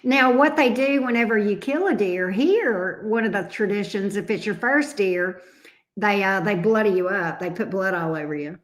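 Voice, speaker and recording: A woman's voice: medium pitch, normal speed. A woman hosting a casual livestream chat, answering viewers by name. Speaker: tarot reader hosting a livestream.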